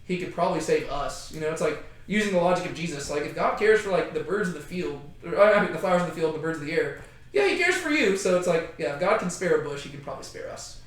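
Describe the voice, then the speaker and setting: A man leads a relaxed Bible study with a group, chatty and animated. He acts out the quotes he tells and keeps asking questions. His voice is fairly high and echoes around the room. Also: fast talker. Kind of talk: casual group Bible teaching.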